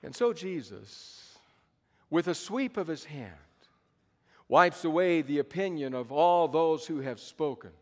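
A man's voice: a little high, expressive, unhurried, darkish tone. A pastor in his fifties preaching a sermon at a conference, telling the story dramatically with emphatic repetition. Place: conference hall. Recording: long hall reverb.

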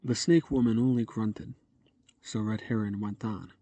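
A man reading a novel aloud in a measured first-person narration. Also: lowish voice, fairly even intonation, dark tone. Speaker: audiobook narrator.

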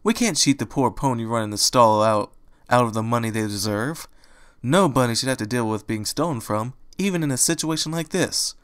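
A man voicing a meek, gentle young female pony in a fan audiobook reading, speaking softly, slowly and timidly. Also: medium pitch, clean tone, close to an everyday voice. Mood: earnest. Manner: soft, slow, timid and pleading.

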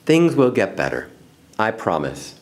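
Man voicing a gentle elephant mom, soft, sighing, lower than his narration. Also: huge pitch swings, normal speed. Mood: soothing. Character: gentle mother elephant, soothing.

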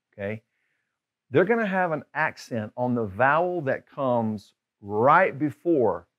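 An upbeat man leads a casual grammar lesson, slowing down and stressing each example phrase he teaches. His voice sits at a middle pitch. The recording sounds a bit dull and lo-fi. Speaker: Spanish language tutor.

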